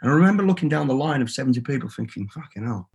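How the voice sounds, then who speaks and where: Blunt Brummie man, husky voice. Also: mid-range voice, animated, rapid-fire, a little mellow. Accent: Birmingham. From England. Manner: blunt and swearing freely, telling stories with quoted inner thoughts. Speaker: guest. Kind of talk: candid podcast interview.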